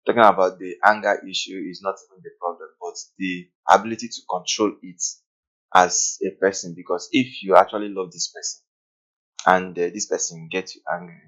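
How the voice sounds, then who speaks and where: A man with a somewhat low voice, speaking earnestly on a podcast panel. The sound is dull and lo-fi. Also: flat delivery, brisk, a bit bright. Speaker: podcast guest. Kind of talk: casual panel discussion. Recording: lo-fi dull audio.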